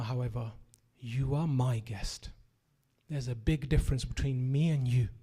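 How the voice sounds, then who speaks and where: A man's voice: medium pitch, mellow. A man preaching a commemorative sermon, retelling a tragic story with grieving, rising lament.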